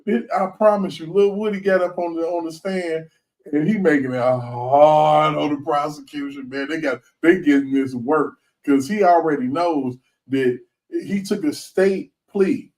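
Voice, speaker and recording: A man hosting a casual commentary show, talking in an animated, slangy way and laughing often. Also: on the high side, measured pace, recorded from a distance, poor audio. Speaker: host.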